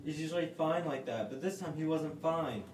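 A man co-hosting a casual podcast, telling a story in an animated way and swearing freely. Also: a little high, moderate pace, reverberant, recorded from a distance, noisy background. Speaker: podcast co-host. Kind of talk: casual chat.

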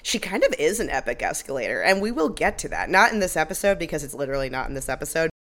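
Low-voiced woman, sarcastic recap chat. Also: sing-song, racing, a bit bright. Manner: sarcastic, swears freely, laughs at herself. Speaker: podcast co-host. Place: Ireland.

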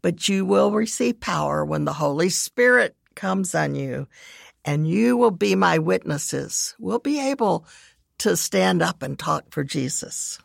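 A middle-aged woman giving earnest devotional teaching, reading scripture verses in measured lists. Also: on the low side, gravelly, no room sound, studio quality. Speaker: devotional speaker and parent.

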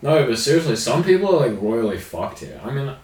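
A young Australian man cracking dry, sweary jokes in a relaxed podcast chat. He sits at a mid pitch and sounds distant from the mic, with an echoey room around him. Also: brisk. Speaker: podcast co-host.

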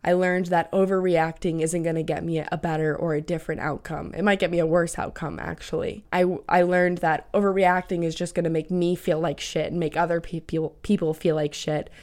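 Casual young woman podcasting, lots of vocal fry, kinda low, chatty and swears a bit. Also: flat delivery, a little fast, few pauses, darkish tone. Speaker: podcast host. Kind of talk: casual solo podcast chat.

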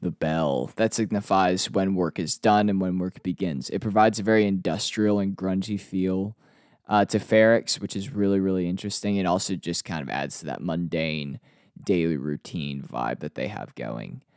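A man hosting a casual TV episode review, chatty and relaxed with frequent fillers. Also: low voice, normal speed, clear, resonant tone, no room sound, studio quality. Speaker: TV review host.

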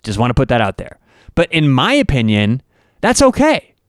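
A man's voice: mid-range voice, huge pitch swings, normal speed, no echo, studio quality. A man hosting a podcast, delivering an opinionated, emphatic monologue full of rhetorical questions. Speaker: podcast host and network owner.

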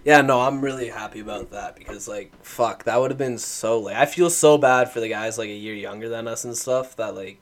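A man's voice: mid-range voice, fairly quick, few pauses. A young man in casual podcast chat, telling a wild story with laughter and swearing. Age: young adult. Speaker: podcast co-host.

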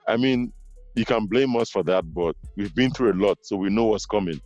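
A man hosting a casual podcast conversation, telling stories in an animated way with many asides. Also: fairly low pitch, fairly quick, no echo, dull audio, soft background music. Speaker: podcast host.

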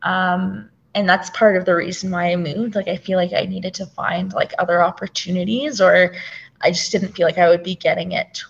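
A woman's voice: on the low side, steady tone, normal speed, vocal fry, highs cut off, a little hiss or hum. A woman co-hosting a podcast, asking hesitant questions full of fillers. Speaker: podcast co-host. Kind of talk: casual podcast conversation.

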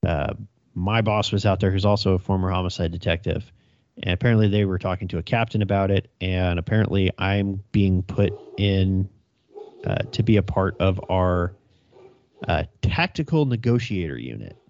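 A man's voice: sits low, normal speed, darkish tone, dull audio, slight background noise. A young adult male police officer telling a work story in a casual, profane chat, laughing as he goes.

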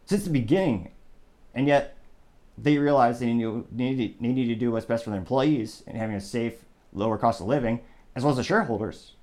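A man with a medium-pitched, slightly mellow voice hosts a solo political commentary show. He chats conversationally, full of sarcastic asides and frequent digressions.

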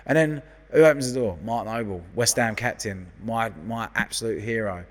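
A man's voice: medium pitch, moderate pace, in a large hall. A man in his thirties from London with a London accent, telling stories as a guest in casual, sweary chat. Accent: London English. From London, England. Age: 30s. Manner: sweary, lively storyteller. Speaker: guest hairdresser.

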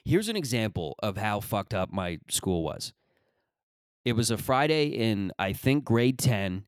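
30s dude ranting about high school, swears a ton, lowish voice, dry close mic. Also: male voice, sing-song, a little slow, no room sound. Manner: rambling, profane storytelling. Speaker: podcast host. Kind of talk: casual comedic monologue.

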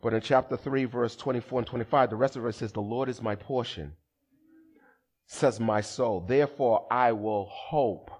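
A male pastor preaching a sermon during a church service, animated and humorous, bantering with the congregation and shouting for emphasis. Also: mid-range voice, normal speed, slightly rough.

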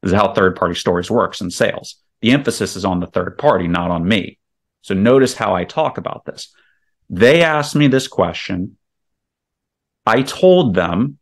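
Low-voiced man breaking down a sales pitch. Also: normal speed. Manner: emphatic, walks through scenarios step by step. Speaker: real estate investor guest. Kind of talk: explaining sales tactics in a podcast chat.

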